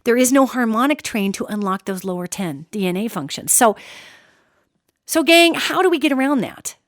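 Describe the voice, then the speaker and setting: A middle-aged woman hosting a solo podcast, talking in an animated, emphatic way and calling her listeners "gang". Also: fairly high pitch, moderate pace, dry recording, clean studio sound. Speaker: podcast host.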